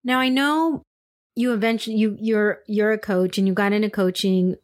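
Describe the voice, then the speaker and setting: A woman's voice: medium pitch, steady tone, moderate pace. Woman hosting a podcast, casual and chatty, long rambly questions, medium voice. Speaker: podcast host. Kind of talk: casual interview chat.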